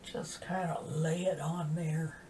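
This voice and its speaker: A makeup vlogger in her sixties speaks low and slowly, her pitch barely moving. Soft-spoken and chatty during the tutorial, she frequently sinks into half-whispers while working, captured by a distant mic with faint hiss.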